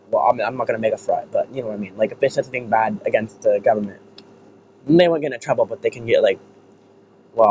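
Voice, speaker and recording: A man's voice: medium pitch, darkish tone. An American man giving a rambling, casual rant as an online commentator, swearing freely. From United States. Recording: muffled lo-fi with faint hiss.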